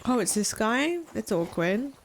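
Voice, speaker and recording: A woman's voice: on the high side, lively intonation, measured pace, a little hiss or hum. A woman streaming a game, giving casual commentary, exclaiming and swearing as things go wrong. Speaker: gaming streamer. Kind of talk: casual let's-play commentary.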